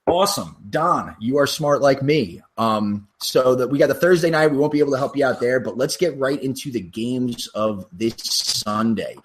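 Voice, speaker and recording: A man's voice: mid-range voice, expressive, moderate pace, hardly any pauses. A man co-hosting a sports podcast in loose, joking chat, swearing now and then. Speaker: podcast co-host.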